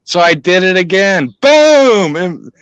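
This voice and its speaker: A man's voice: medium pitch, a little slow, no echo, dull audio. A man telling a hunting story in casual chat, swearing a lot and acting out the voices. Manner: profane, animated, acts out voices.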